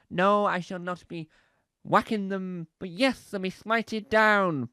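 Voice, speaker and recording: A man's voice: high-pitched, fairly even intonation, slow pace, sharp tone, smooth, no room sound. A man doing rambling, playful stand-up comedy, repeating words for laughs.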